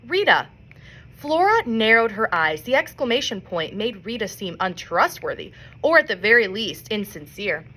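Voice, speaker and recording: A woman reading a children's novel aloud in an expressive storybook manner. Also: medium pitch, normal speed. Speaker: reader.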